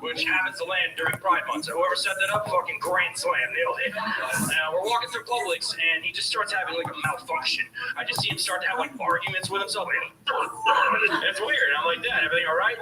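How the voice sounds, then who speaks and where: A man's voice: high voice, lively intonation, a little fast, few pauses. A young man doing stand-up comedy, telling a crude, exasperated story with mocking impressions. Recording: noisy room from a distance.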